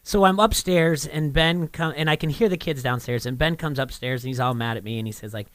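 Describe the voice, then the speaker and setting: A man co-hosting a casual sports radio show, telling an animated family story and laughing often. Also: a little high, fairly quick, no echo.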